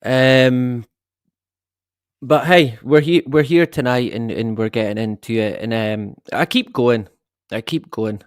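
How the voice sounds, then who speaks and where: A man's voice: medium pitch, measured pace, clean tone, no room sound, studio quality. A middle-aged man hosting a casual live stream, rambling and swearing with the odd chuckle. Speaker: livestream host.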